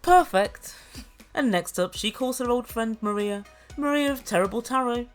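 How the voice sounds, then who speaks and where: A woman with a slightly high voice recaps a reality show with dry, sarcastic commentary. Faint music plays under her voice. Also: normal speed. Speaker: show reviewer.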